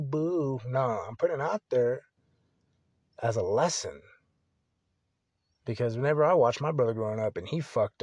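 A man's voice: mid-range voice, a little mellow, no room sound, studio quality. A young man hosting a podcast alone, talking casually and candidly, rambling and swearing freely. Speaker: podcast host. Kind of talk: casual solo podcast monologue.

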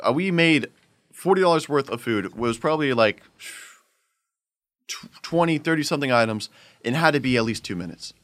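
A man telling a story in casual chat, animated and quick to laugh. He acts out each person in the story as he goes. His voice is bright and forceful at a mid pitch. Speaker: podcast host telling a story.

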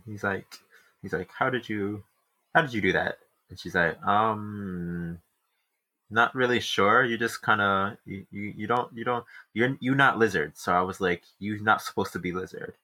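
A man co-hosting a casual book-club podcast, animatedly retelling chapters with quick restarts. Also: on the low side, bright, forceful tone. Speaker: podcast co-host.

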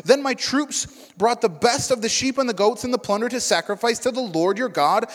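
A man's voice: high voice, very animated, a little slow, in a large hall. A man reading the part of a defensive king who insists he obeyed, his protest rising as he goes. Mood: insistent.

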